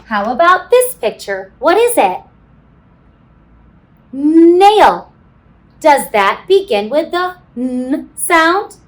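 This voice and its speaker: In a classroom, a kindergarten teacher leads young children through a phonics lesson, speaking very slowly and carefully in an encouraging, sing-song way. Her high voice swoops widely, and she adds playful sound effects.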